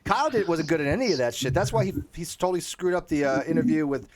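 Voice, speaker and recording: A man's voice: on the high side, animated, fast. A man hosting a casual livestream chat, rambling and swearing freely as he tells stories. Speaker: host of an online debate community stream.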